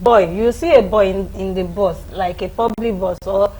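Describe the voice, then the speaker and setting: A middle-aged woman on a talk show, explaining parenting in a lively way and acting out children's and parents' voices. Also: mid-range voice, moderate pace, slightly rough, rough recording. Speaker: guest parenting expert. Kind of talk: studio talk show discussion.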